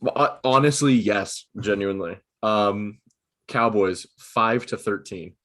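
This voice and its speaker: A young man with a lowish, fairly bright voice co-hosts a casual podcast over a video call, speaking unhurriedly. He steadily works through a list, sprinkling in "um" and "uh" as they chat.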